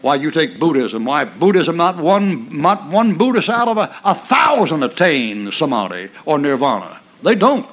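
An older man with a drawl, delivering a sermon in a rough, folksy style. His voice sits a little high for a man, and he drives his points home with emphatic repeats and mocking asides. Every so often he lets out a dry chuckle. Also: very animated, normal speed, hardly any pauses, a bit bright. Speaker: preacher.

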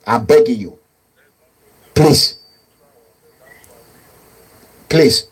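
Hosting a live online call-in show, this man pleads and says things over and over, drifting into Nigerian pidgin. His mid-range voice is slightly rough, with lively intonation and drawn-out words.

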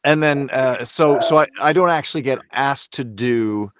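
Man, from Canada, voice actor guest, earnest, self-critical, mid-pitched voice, dry close sound. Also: moderate pace, a bit bright, clear, resonant tone, dry recording. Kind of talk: casual podcast interview.

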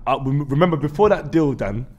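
Lively young man talking football. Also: a little high, fast, highs cut off. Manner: animated, laughing, takes charge of the conversation. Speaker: podcast co-host. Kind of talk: casual football banter.

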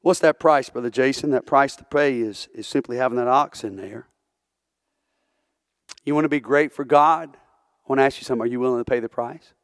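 A man's voice: medium pitch, brisk, dry recording, studio quality. A male preacher delivering a sermon in church, earnest and full of rhetorical questions, building into fervent preaching. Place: church sanctuary.

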